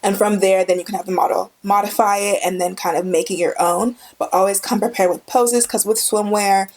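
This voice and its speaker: A woman's voice: medium pitch, fairly even intonation, brisk, a little mellow. Chatty young woman teaching photography. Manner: chatty, enthusiastic, emphatic repetition. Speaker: photography tutorial host. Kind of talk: casual instructional vlog. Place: indoors with a studio light. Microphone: camera mic, speaker on camera.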